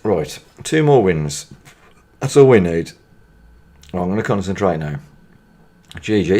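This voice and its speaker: A man's voice: sits low, big pitch swings, measured pace, long pauses, warm tone. A man who is a gaming YouTuber, chatting casually over his gameplay and repeatedly breaking into laughter. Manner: giggly, keeps breaking into laughter.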